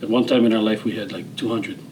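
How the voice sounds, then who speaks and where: A man of around sixty with a Hawaiian Pidgin-tinged accent, telling his story as a guest in a relaxed, rambling way, with fillers and restarts. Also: on the low side, quick pace, background noise. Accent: Hawaiian Pidgin-tinged English. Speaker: interview guest, retired general. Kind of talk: casual storytelling interview.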